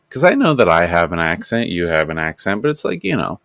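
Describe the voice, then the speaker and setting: A man's voice: sits low, very animated, fast, gravelly, hardly any pauses, a bit bright, dry recording. A man co-hosting a podcast, chatting casually with short, dry wisecracks. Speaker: podcast co-host. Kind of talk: casual chat.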